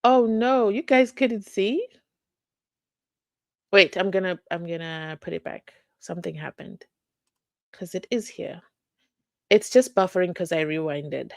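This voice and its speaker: Animated woman hosting a stream. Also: lowish voice, measured pace, creaky, pauses often, no echo. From South Africa. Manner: animated, reading viewer comments aloud. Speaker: live-stream host. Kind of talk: casual live-stream chat.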